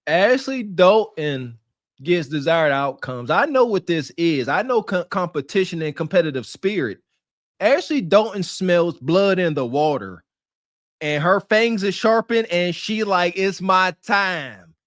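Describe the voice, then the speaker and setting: A man co-hosting a podcast, reacting to clips with animated, slangy hype. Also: high-pitched, unhurried, dry recording, studio quality. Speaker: podcast co-host. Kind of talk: casual podcast commentary.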